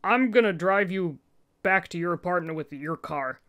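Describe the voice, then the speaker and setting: A woman voicing a calm, courteous older male friend who speaks politely. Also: fairly low pitch, normal speed.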